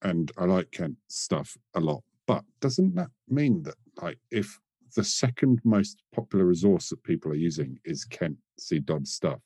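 A man's voice: low voice, sing-song, measured pace, dark tone, husky, no echo. A British man chatting casually on a podcast panel, with dry, teasing banter. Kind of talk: casual chat.

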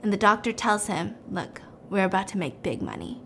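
A young woman recaps a film plot casually and with lots of animation, speaking at a normal speed in a medium-pitched voice. She acts out the characters' lines in different voices and drops to a whisper for the menacing ones, with slight background noise audible.

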